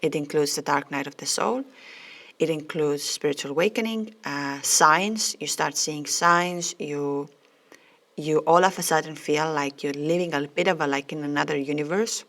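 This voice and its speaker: Low gravelly-voiced woman podcaster, earnest. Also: moderate pace, fairly bright tone. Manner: earnest, heartfelt, repeats phrases, non-native phrasing. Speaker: podcast host and twin flame coach. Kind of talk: spiritual podcast monologue.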